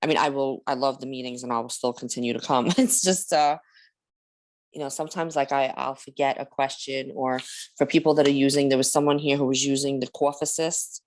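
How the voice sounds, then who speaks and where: A woman on a video call in a support group, speaking hesitantly with many fillers and pausing to catch her breath. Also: a bass voice, fairly even intonation, a little mellow. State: short of breath.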